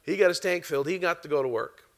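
A middle-aged man from Canada preaching a sermon, telling a personal testimony in an animated way and laughing often. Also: a little high, quick pace, a little hiss or hum.

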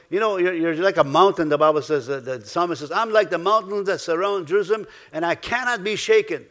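A middle-aged man preaching a sermon, halting and repeating himself, swinging between loud exclamations and soft asides. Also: on the high side, expressive. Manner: halting, repeats words and restarts.

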